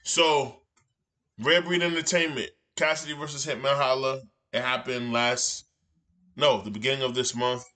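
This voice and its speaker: Bright-voiced man podcast co-host. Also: medium pitch, fairly even intonation, normal speed. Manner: steers the topic, laughing storyteller. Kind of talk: casual podcast chat.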